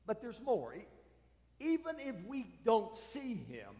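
A man preaching an Easter sermon as pastor, slow and emphatic, often trailing off softly at the ends of phrases. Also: extremely high pitch, wildly swooping pitch. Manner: slow, emphatic preaching with soft dropped endings. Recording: long hall reverb.

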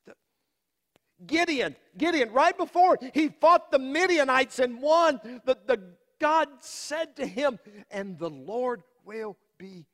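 A man playing Mary's middle-aged father, telling the story in an earnest, halting first-person monologue. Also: extremely high pitch, animated, fairly bright tone, in a large hall, full character voice. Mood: awed storytelling. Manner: slow, emphatic, with halting repeats and long pauses.

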